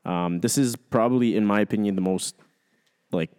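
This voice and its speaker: Easygoing low-voiced man, hockey talk. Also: moderate pace, darkish tone, clean tone. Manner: agreeable, easygoing, lots of backchannel. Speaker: hockey podcast co-host. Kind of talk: casual sports chat.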